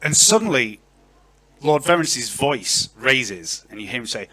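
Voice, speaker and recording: A man narrating a tabletop role-playing game as game master, in an animated and chatty way. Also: medium pitch, unhurried, dry recording.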